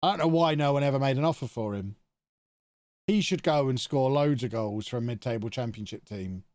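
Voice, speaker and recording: Guy rambling over his game stream, mid pitch, dry close sound. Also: lively intonation, brisk, darkish tone, dry recording. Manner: chatty, thinking aloud to himself. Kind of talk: live video game commentary.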